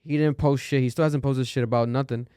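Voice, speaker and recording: A man's voice: mid-range voice, fairly even intonation, quick pace, warm tone, clean tone, dry recording, studio quality. A man hosting a podcast, talking casually and loosely with lots of fillers and cursing. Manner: loose and chatty, curses often, many fillers. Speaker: podcast host.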